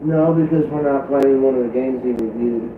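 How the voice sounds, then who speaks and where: A man's voice: mid-range voice, moderate pace, background noise. A man co-hosting a casual livestream Q&A, bantering playfully and swearing freely. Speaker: streamer co-host. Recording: tinny, echoey, distant room mic.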